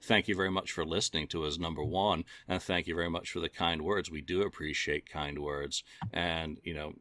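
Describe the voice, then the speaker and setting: Deep-voiced man hosting a chatty podcast. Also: fairly even intonation, fairly quick, a bit bright, dry recording. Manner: rambling, self-deprecating, many fillers. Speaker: podcast host. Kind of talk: casual chat.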